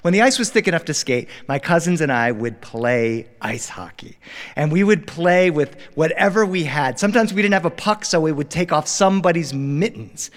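A middle-aged male storyteller from Delaware, performing live with animated, playful delivery and a somewhat raised voice. His words trail off into a long reverb from the studio hall around a live audience. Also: on the high side, moderate pace. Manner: animated, warm, playful, acting out characters.

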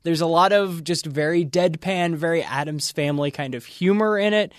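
A man's voice: a little high, normal speed, no echo, studio quality. A man co-hosting an entertainment chat, reviewing films in an enthusiastic, explanatory way. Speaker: co-host, film reviewer. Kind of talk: casual entertainment news chat.

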